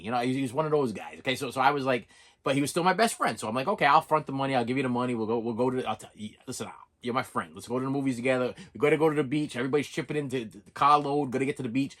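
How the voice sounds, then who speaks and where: A middle-aged man vlogging casually, telling a story in an animated way and repeating himself for emphasis. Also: mid-range voice, racing. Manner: animated, repetitive, excitable.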